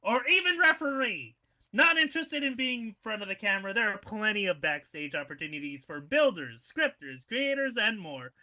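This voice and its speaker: A man's voice: high voice, animated, moderate pace, bright, forceful tone, rough recording. A man calling wrestling matches and announcing winners, with a playful, joking banter style. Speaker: wrestling commentator and ring announcer. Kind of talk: excited play-by-play commentary.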